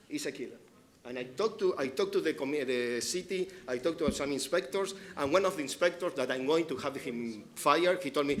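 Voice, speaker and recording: Speaking mid-range in pitch, this man stumbles and says things twice as he pushes his grievances during public comment at a city council session.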